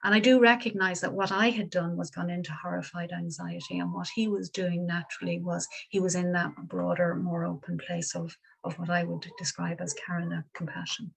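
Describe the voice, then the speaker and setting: A middle-aged woman giving a dharma talk as a Buddhist teacher, gentle and reflective, pausing and restarting often. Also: lowish voice, little pitch movement, creaky, husky, low-quality recording.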